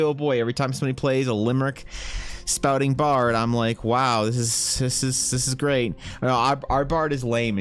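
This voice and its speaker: Male streamer, mid-pitched, rambling casual chat over faint music. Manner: rambling, thinking aloud, answering chat.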